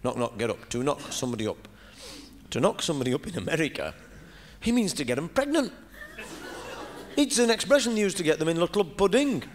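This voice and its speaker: A man's voice: fairly high pitch, big pitch swings, brisk, pauses often. A middle-aged man with a Lancashire accent telling a rambling stand-up story on stage, peppered with "you know". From Lancashire, England. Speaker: stand-up comedian. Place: stage in front of a live audience. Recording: live stage recording with noise.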